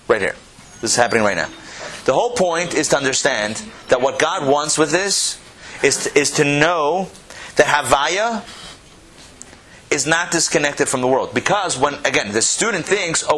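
A man teaching a Torah class, animated, repeating phrases and asking his listeners questions. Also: on the high side, normal speed.

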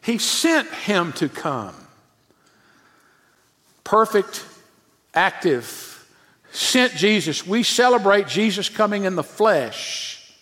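High-voiced preacher in a reverberant church. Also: male voice, very animated, slow, long pauses. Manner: emphatic preaching, often dropping to a hushed low voice. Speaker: pastor. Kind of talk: sermon. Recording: long church-hall reverb.

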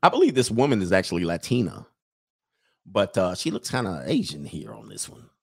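A man's voice: sits low, huge pitch swings, a little fast, vocal fry, darkish tone, breathy edge. A man hosting a casual livestream, reading chat and running a poll, loose and joking with frequent digressions.

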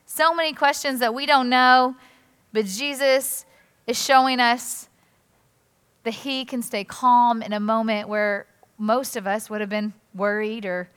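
A woman pastor giving a conversational sermon in an animated, chatty way, acting out quotes. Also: on the high side, a little slow, clean tone. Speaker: executive pastor. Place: church auditorium. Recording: reverberant church hall.

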